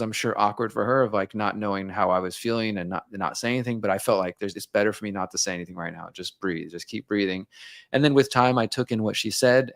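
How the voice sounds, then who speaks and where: A man's voice: on the low side, fairly bright tone, no echo, clean studio sound. A man speaking as an interview guest, talking candidly and reflectively, and sometimes acting out his own inner dialogue.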